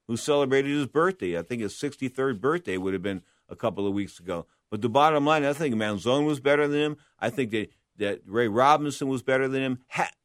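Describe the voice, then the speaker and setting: A man's voice: medium pitch, fairly bright tone, no echo, studio quality. A man talking boxing history in a blunt, emphatic monologue, often asking and answering his own questions. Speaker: boxing commentator. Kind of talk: opinionated monologue.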